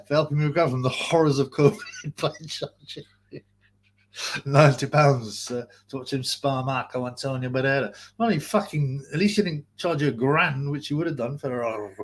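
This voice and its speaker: Male streamer, husky voice, mid pitch, loose sweary rambling commentary. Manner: rambling, profane, restarts sentences often. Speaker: boxing channel host. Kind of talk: casual live-stream rant.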